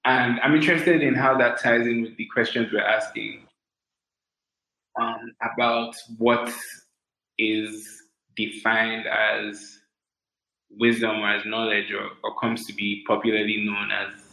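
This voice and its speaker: A man co-hosting a podcast with a low voice, feeling his way through a question with pauses, ums and restarts. His voice carries the echo of a reverberant room. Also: flat delivery, creaky, pushed and bright. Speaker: podcast co-host. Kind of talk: casual conversation. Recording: echoey room sound.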